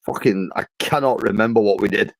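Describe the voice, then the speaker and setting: A man's voice: lowish voice, fairly quick, vocal fry, dry recording, rough recording. A man in casual podcast chat, stammering through restarts and swearing freely. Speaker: podcast co-host.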